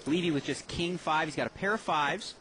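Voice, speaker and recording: A man with a fairly high voice gives analytical poker commentary, explaining why each player acts as he does. Steady background noise sits under his voice. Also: a little fast.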